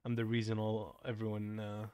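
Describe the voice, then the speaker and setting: A man's voice: lowish voice, monotone, moderate pace, warm tone, smooth. A young man streaming a game and chatting casually, playful and teasing. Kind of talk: casual gaming stream chat.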